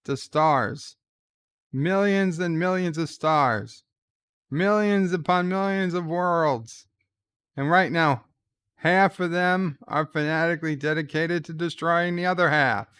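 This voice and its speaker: A man voicing a smooth-talking male arms dealer who makes his pitch in a measured, persuasive way. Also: fairly bright tone, no room sound.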